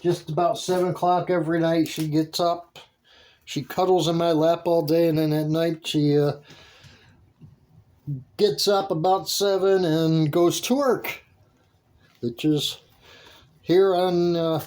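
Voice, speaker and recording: A man talks his way through a home worm-bin check in an unhurried, easygoing drawl. His voice is mellow and dark, and his sentences stumble and restart. He is easily delighted and lets out small laughs along the way. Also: fairly high pitch, fairly even intonation. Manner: rambling and halting, with frequent restarts. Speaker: worm-composting vlogger. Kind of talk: casual vlog narration.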